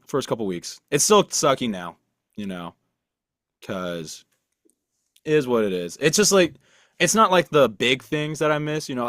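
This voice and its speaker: With a medium-pitched, slightly bright voice and clean, echo-free studio sound, a young male podcast co-host chats casually. He rambles, puts himself down, and keeps restarting and using fillers.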